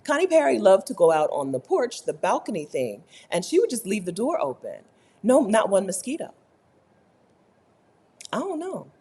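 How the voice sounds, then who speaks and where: Chatty, husky-voiced woman vlogging. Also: medium pitch, moderate pace, pauses often. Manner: chatty, animated, keeps asking "right?". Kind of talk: casual talk to camera. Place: rented apartment.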